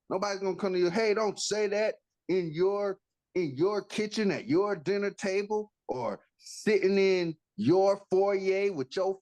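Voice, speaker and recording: A man's voice: high-pitched, darkish tone. A man co-hosting a casual sports podcast, making his points bluntly. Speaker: podcast co-host.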